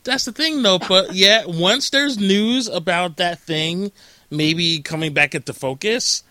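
A man with a bright, forceful voice, pitched a little high, hosts a casual podcast chat over a remote call. He talks in a loose, joking way, full of "like" and quick asides. The sound is dry and close. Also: no echo. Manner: chatty, jokey, lots of filler "like". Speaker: podcast host.

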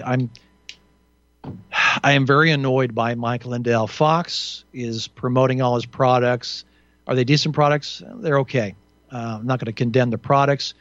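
A man's voice: mid-range voice, fairly bright tone, no room sound, highs cut off. Indignant rambling male radio host. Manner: rambling, indignant and sarcastic, with frequent restarts and fillers. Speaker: radio talk show host. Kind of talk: solo radio commentary.

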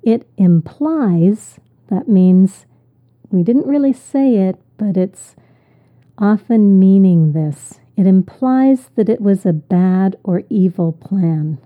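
A woman's voice: medium pitch, lively intonation, takes it slowly. A woman teaching English vocabulary, repeating each word and explaining it patiently. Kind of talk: slow, deliberate vocabulary lesson. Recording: tinny phone-like audio.

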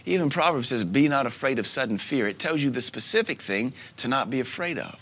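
A man in his thirties preaching a sermon as a pastor, telling stories with soft asides and sudden loud bursts. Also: mid-range voice, animated, a little fast, husky. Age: 30s.

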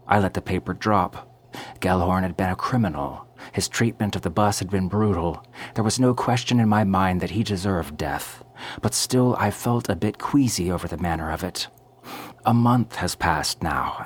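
Man reading a story out loud, real low voice, kinda husky, slow and brooding. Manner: measured, brooding first-person storytelling. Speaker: narrator. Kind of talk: scripted story narration.

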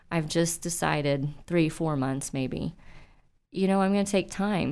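A woman speaks as a guest on a podcast, with a smooth, clear voice pitched a little low. She talks earnestly and casually, with plenty of fillers, as an eye doctor. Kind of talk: casual interview chat.

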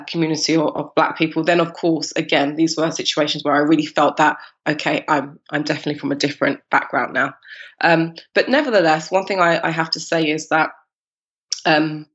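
A woman's voice: low voice, highs cut off. A woman from London with a London accent, a guest talking casually in an interview, chatty and laughing often. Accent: London English. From London, England. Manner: chatty, laughs often, animated when quoting people. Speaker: guest, cupcake business founder.

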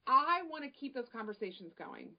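A woman's voice: sits high, sing-song, a little fast, highs cut off. A woman who presides over a local early childhood chapter, chatting casually and telling stories with enthusiasm on a podcast. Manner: enthusiastic, storytelling, many restarts.

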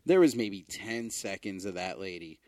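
A man co-hosting a casual podcast, telling an animated story with swearing and sudden high exclamations. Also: moderate pace, dry recording, studio quality. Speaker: podcast co-host. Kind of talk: casual chat.

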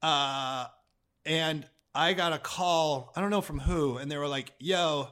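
A man's voice: on the high side, measured pace, clean tone. A young man, a comedian guest, telling stories in casual chat, acting out quotes with lots of swearing and laughter. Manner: animated storytelling, acts out quotes, swears, laughs.

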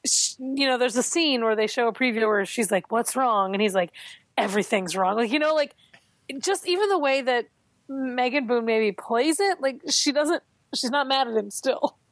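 Animated, opinionated woman podcaster. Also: normal speed, dry recording. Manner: animated, opinionated, jumps in pitch. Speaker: podcast co-host. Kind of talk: casual chat.

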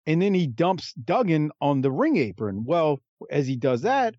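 On a podcast he co-hosts, a man chats casually about a wrestling match, animatedly acting out the wrestlers' lines in a raised voice. His voice is on the high side and unhurried, and the recording is muffled with no room sound.

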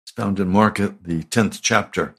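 A male pastor delivering a radio sermon, asking slow, emphatic questions. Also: on the low side, husky.

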